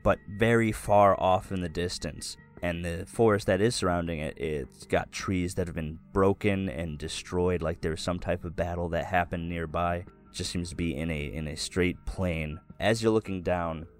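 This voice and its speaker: A man's voice: low voice, fairly even intonation, unhurried, hardly any pauses, faint music behind. A man narrating as game master, describing scenes loosely and improvising as he goes.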